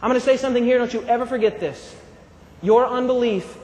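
A man with a very high voice delivers an animated sermon and calls on the congregation to answer back. He is recorded in a large hall with a long, trailing reverb. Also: fast. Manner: animated, call-and-response with congregation. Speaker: preacher. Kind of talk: live sermon.

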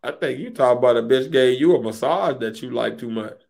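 A man co-hosting a podcast, talking in loud, profane, joking banter. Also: mid-range voice, fairly quick, vocal fry. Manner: loud, profane, jokey, exaggerating. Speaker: podcast co-host.

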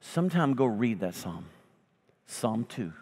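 A male pastor delivering a sermon, swinging between loud emphatic lines and slow hushed ones, with folksy humorous asides. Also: mid-range voice, very animated, breathy edge. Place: church sanctuary. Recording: long hall reverb.

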